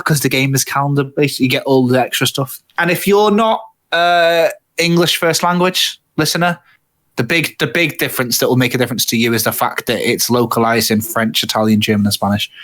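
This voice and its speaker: A man's voice: on the high side, a bit bright. A man co-hosting a game podcast from home over the internet, chatting casually with many restarts and some swearing. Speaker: podcast co-host. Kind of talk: casual chat.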